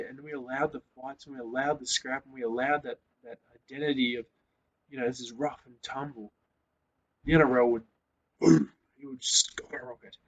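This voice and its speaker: A man hosting a casual sports rant, swearing often and growing loud and worked up. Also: medium pitch. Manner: swears a lot, gets loud and fired up. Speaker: host. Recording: slightly dull lo-fi sound.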